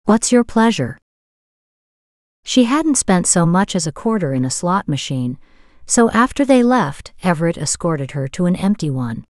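Lower-voiced woman narrating a romance. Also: sing-song, moderate pace, no echo, studio quality. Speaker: audiobook narrator. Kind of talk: scripted narration of a romance novel.

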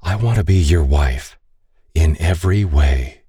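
A tender young bride-to-be who teases and pleads in a soft, husky voice, as a male narrator puts her on. The voice sits higher than his very deep natural register but keeps its dark, mellow color. The sound is dry and close. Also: animated, unhurried, no echo, full character voice. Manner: soft, teasing, gently pleading.

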